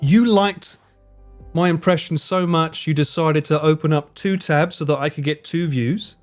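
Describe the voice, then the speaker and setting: A young man with a London accent chatting casually on a live stream, animated and bantering, swearing freely. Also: fairly high pitch, moderate pace, faint music behind. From England.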